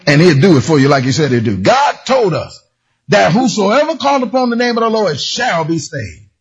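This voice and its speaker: A man preaching a sermon, animated and storytelling, shouting and half-singing his lines. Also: high voice, moderate pace, slightly rough. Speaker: pastor. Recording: dull lo-fi sound.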